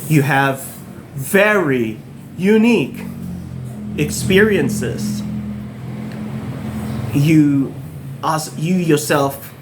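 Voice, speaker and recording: Earnest Filipino man, slow encouraging talk. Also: fairly high pitch, animated, over music. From Philippines. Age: 30s. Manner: earnest, encouraging, repeats himself for emphasis. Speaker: English-learning vlogger. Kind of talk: earnest direct-to-camera talk.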